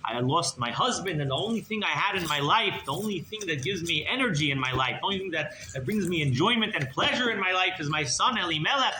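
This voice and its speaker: A man's voice: fairly high pitch, big pitch swings, fairly quick, hardly any pauses, sharp tone, full character voice. A man voicing a grieving, desperate widowed mother who pleads frantically, in an echoey room with background noise. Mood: pleading.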